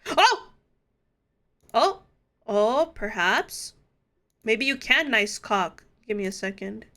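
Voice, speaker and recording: Giggly, bright-voiced woman streamer. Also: mid-range voice, slow. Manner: giggly, playful, swears freely. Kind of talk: casual live-stream chat.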